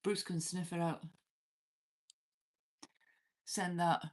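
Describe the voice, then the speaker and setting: A woman's voice: on the low side, little pitch movement, very slow. Swearing, laughing Welsh woman streamer. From Wales. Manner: laughs often, swears freely, banters with chat. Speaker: livestream host. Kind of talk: casual livestream chat with viewers. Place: cabin.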